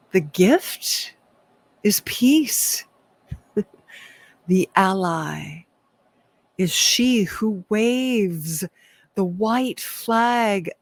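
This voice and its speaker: Slow, reflective woman leading spiritual talk. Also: medium pitch. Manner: slow, reflective, laughs often, self-deprecating asides. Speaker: workshop leader.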